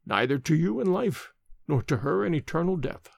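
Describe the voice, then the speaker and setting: A man voicing a dying, secretive old nobleman who speaks slowly and hushed. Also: a little high, very animated, vocal fry, dry recording, exaggerated voice. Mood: sinister. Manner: slow, hushed, rattling.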